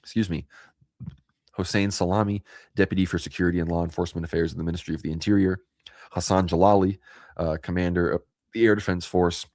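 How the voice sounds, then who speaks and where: A man's voice: low voice, fairly even intonation, quick pace, darkish tone, no room sound, clean studio sound. A man co-hosting a casual political stream, speaking while he has hiccups and reading out news items and viewer comments. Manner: reads out news and chat comments. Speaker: co-host.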